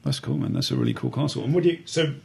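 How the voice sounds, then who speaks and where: A man's voice: mid-range voice, racing, gravelly, a little mellow, slightly rough. A man hosting a live show, chatting casually and laid-back, calling his guest "man" and swearing now and then. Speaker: show host.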